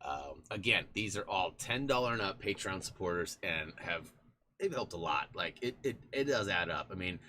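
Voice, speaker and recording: Lively, bright-voiced man chatting on stream. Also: low voice, normal speed, a little hiss or hum. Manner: rambling, chatty, thanking supporters by name. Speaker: live stream host. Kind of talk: casual live stream chat. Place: in front of a green screen.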